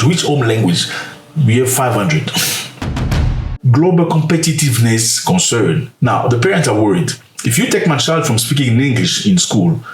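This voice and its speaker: A man hosting a casual commentary, lively and expressive, now and then dropping to a hushed aside. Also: medium pitch. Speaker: commentary channel host. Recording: roomy echo, slightly distant mic, faint music.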